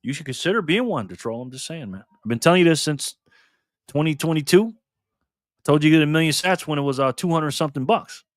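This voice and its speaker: A man's voice: on the high side, animated, fairly quick, dry recording, studio quality. A man hosting a casual livestream, reading viewer comments aloud in a loose, laid-back way and calling people man and brother. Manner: loose, repeats and restarts phrases. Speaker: livestream host.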